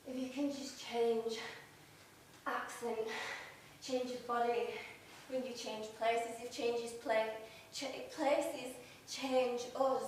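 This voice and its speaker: Woman with a wigan accent doing a stage monologue, slow and halting, kinda high voice, echoey hall, mic far off. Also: a little hiss or hum. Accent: Wigan, northern English. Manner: halting, conversational, with many pauses. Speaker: stage performer. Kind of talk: theatre monologue. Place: arts centre theatre stage.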